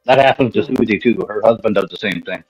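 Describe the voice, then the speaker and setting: A man's voice: fairly low pitch, quick pace, husky, faint music behind, rough recording. A man co-hosting a casual livestream chat, cracking jokes at the host's expense. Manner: joking, ribbing the host. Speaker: co-host.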